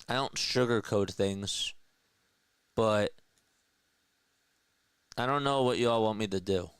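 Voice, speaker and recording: A man's voice: lowish voice, slow, clean tone, no echo. A man calling baseball play-by-play on his own live stream, talking back to his chat, audibly frustrated. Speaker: play-by-play caller.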